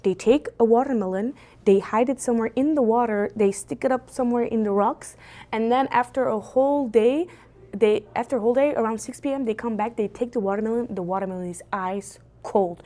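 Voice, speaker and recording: Animated young woman telling stories on stream. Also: fairly high pitch, a little fast. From Belgium. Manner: animated, lively storyteller with big jumps for quoted voices. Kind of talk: casual livestream storytelling. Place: indoors at home. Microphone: phone on a gimbal.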